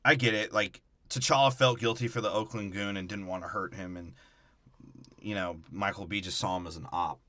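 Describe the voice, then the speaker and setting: A man's voice: lowish voice, steady tone, normal speed, sharp tone, no room sound. A young man co-hosting a podcast, giving a crude, mocking comedic movie recap and slipping into silly character voices. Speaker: podcast co-host.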